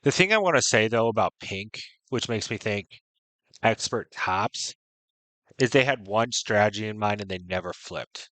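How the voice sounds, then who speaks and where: Man, low voice, casual gameplay commentary, frank and chatty, dry close mic. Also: lively intonation, moderate pace, fairly bright tone, no echo. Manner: chatty, frank, fillers like "right?" and "you know". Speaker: streamer playing online strategy game.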